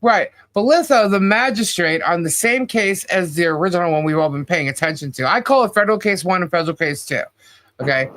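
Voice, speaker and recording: A man co-hosting a podcast in casual commentary chat, animated and quick with asides. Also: on the high side. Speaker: podcast co-host.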